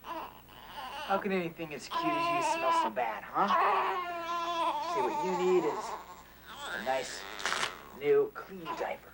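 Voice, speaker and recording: A frantic teenage father, high-pitched and near tears in a 1980s TV drama. His voice leaps up and down as he pleads and snaps. The old television audio carries steady hiss. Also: slow, long pauses, heavily acted. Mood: frustrated. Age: teens. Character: anxious teenage boy, overwhelmed new father. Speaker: high school senior, young father. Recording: hissy old TV film audio.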